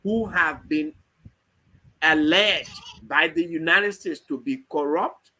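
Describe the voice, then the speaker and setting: A man's voice: on the high side, slow, bright, forceful tone, low-quality recording. A man, an opposition party official debating on a political talk show, pressing his points with argumentative questions.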